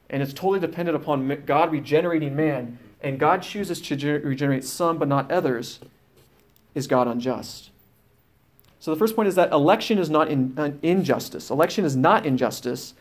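Male preacher, fairly high voice, firm emphatic sermon teaching with scripture readings. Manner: reads scripture aloud with restarts and "uh" fillers.

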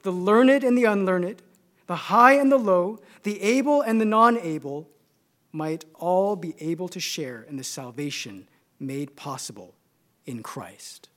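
A man with a Californian accent preaching a sermon, measured and emphatic, building his points through repeated phrases. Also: sits high, lively intonation, fairly bright tone.

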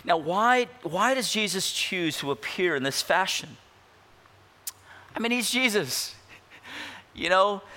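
A pastor delivering an expository sermon, asking rhetorical questions and slowing down to stress key words. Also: male voice, high-pitched, bright, forceful tone. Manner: emphatic, rhetorical questions, slows down for weight.

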